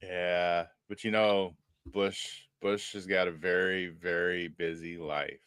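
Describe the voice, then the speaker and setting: A man's voice: low-pitched, little pitch movement, slow pace, a bit bright, smooth, no echo, studio quality. A man hosting a casual gaming podcast, talking in a playful, joking way. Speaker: podcast host. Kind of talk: casual chat.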